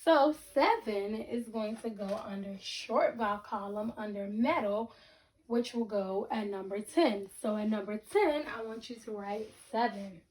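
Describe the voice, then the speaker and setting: Slow, patient woman teaching reading. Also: medium pitch, a little mellow. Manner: slow and deliberate, breaking words into syllables; repeats sentences and checks in with the class. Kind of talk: online reading lesson for children.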